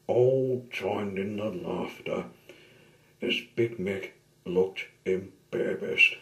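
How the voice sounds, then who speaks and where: Man reading a kids' storybook aloud, slow, medium pitch, echoey room. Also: bright, forceful tone. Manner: slow, with occasional asides. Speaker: storybook reader. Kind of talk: reading a children's book aloud.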